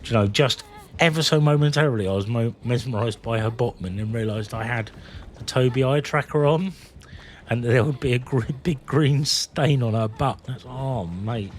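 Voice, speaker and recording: A man's voice: medium pitch, normal speed, darkish tone, a little hiss or hum. A man chatting to his viewers while he streams a game, rambling and joking between rounds. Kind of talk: live gameplay commentary.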